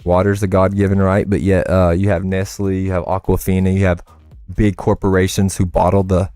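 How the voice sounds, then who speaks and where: A young American man talks loosely through a livestream, rambling from one story to the next and tossing in "bro" and swear words. His voice sits low and deep, close and dry on the mic, with faint game music behind him. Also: level tone, brisk, mellow, smooth, no echo. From United States. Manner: rambling, profane, says "bro" a lot. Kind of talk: casual chat while gaming.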